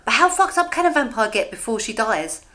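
A woman's voice: fairly high pitch, big pitch swings, brisk, bright, forceful tone. A woman hosting a podcast, upbeat and giggly in casual chat. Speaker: podcast host.

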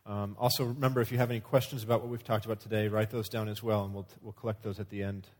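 A man teaching a church marriage class, measured, with occasional fillers. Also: on the low side, flat delivery, darkish tone.

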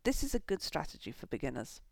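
A woman hosting a podcast, giving a scripted, measured German grammar lesson. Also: low-pitched, very animated, darkish tone, no room sound. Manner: measured, clear explanatory delivery.

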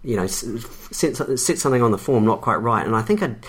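A man with a husky voice co-hosts a casual tech podcast, and his pitch rises and falls a lot. He chats and teases, stumbling over his words and restarting his sentences. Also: animated, fast talker. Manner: chatty, stumbling restarts, teasing. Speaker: podcast co-host.

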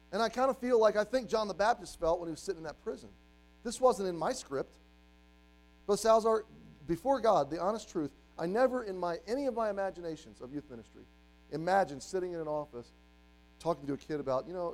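A man in his forties preaching a sermon as a youth pastor, animated, acting out the voices of doubters and the devil. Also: high voice, quick pace, gravelly, rough recording.

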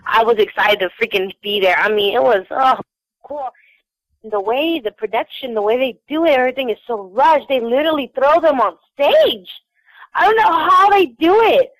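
A woman's voice: sits high, expressive, moderate pace, no echo, low-quality recording. A young woman from Houston telling a bubbly, giggly fan story, full of fillers. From Houston, Texas. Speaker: fan recounting a trip. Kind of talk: casual chat.

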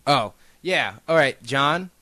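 A man's voice: mid-range voice, expressive, takes it slowly, bright, forceful tone, dry recording. A young adult man co-hosting a podcast, chatting casually with crude jokes and lots of filler words. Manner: crude joking, frequent "like" fillers. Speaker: podcast co-host. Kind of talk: casual banter.

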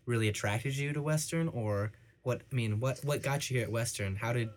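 A young man interviewing casually, rephrasing his questions often and halting as he asks them. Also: medium pitch.

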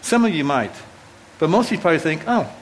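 A man's voice: fairly high pitch, animated, fast talker, a little hiss or hum, rough recording. Conversational middle-aged male pastor preaching. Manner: conversational storytelling with self-deprecating humor; frequent restarts and asides to the audience. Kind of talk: sermon. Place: church hall before a live audience.

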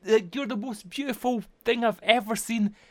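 A man co-hosting an improvised comedy podcast, talking in a wheedling, deadpan way. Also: extremely high pitch, normal speed, no room sound. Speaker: podcast co-host.

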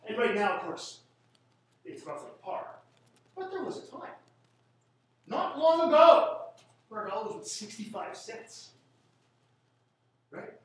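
A man's voice: high voice, sing-song, measured pace, long pauses. A man from Canada giving a classroom statistics lecture, rambling and joking with sarcastic asides. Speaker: statistics teacher. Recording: echoey room from a distant mic.

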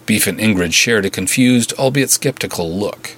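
A man reads a pulp action serial aloud, measured and vivid in his delivery. His voice sits very low with a husky, slightly breathy grain. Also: fairly bright tone. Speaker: writer and narrator. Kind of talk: dramatic serial story narration.

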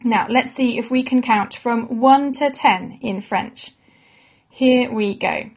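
A woman giving a clear, patient, scripted lesson for children. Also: on the high side, measured pace. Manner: clear, patient and encouraging, like a teacher. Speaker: presenter of a children's educational podcast. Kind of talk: scripted educational narration for children.

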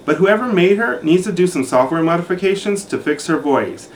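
A man dishes out a catty, campy recap of a reality show, full of sarcasm. His slightly high voice swoops up and down. A faint hiss sits under the recording. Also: animated, a little fast. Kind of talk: sassy recap commentary.

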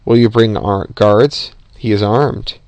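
A man voicing a frail old male war hero who speaks slowly and creakingly with shaky authority. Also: on the low side, a little mellow, no room sound. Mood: stern.

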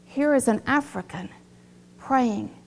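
Middle-aged woman pastor, high pitched, emphatic sermon delivery with call-and-response. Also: slow pace, gravelly, a little hiss or hum. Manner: emphatic, repetitive, calls for audience response. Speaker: preacher.

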